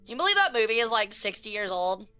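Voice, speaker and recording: Woman streamer, casual and chaotic, crude jokes, bright and tense tone, faint music underneath. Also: fairly high pitch, sing-song, quick pace, smooth. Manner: chaotic, crude joking with chat. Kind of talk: casual live-stream chat.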